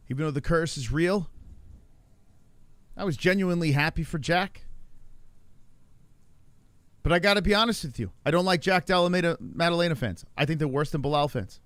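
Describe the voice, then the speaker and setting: A man's voice: fairly high pitch, a little fast, pauses often, fairly bright tone, no echo. Ranting male livestream host, dry sound. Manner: ranting, mocking a chatter in a put-on voice; profane and jokey. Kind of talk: casual livestream chat.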